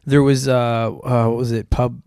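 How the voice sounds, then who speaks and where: A man's voice: mid-range voice, level tone, unhurried, creaky, dark tone, dry recording, studio quality. A man hosting a podcast, chatting casually and rambling with lots of filler words. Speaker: podcast host. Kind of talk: casual chat.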